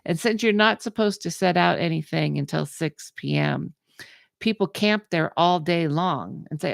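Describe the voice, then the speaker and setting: Low gravelly woman host, animated storyteller, dry close sound. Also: moderate pace, no room sound. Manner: animated, acts out the people in her story. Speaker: podcast host. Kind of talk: casual storytelling chat.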